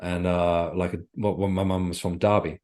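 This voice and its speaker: A man being interviewed as an author on a podcast, telling a personal story in a reflective, earnest way and pausing to search for words. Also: low voice, level tone, darkish tone. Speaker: author guest.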